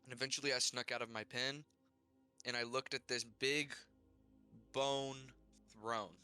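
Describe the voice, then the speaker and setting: Bright, clear-voiced man rambling through a story. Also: medium pitch, fairly even intonation, unhurried. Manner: rambling, full of "like" and restarts. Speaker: player recounting his character's adventure. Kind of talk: casual storytelling in a tabletop game. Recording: faint music behind.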